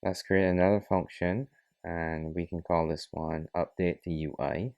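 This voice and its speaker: A man's voice: low voice, little pitch movement, unhurried, a little mellow, highs cut off. A man narrating a coding tutorial, talking methodically through each step. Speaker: programming tutor. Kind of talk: screen-recorded coding tutorial.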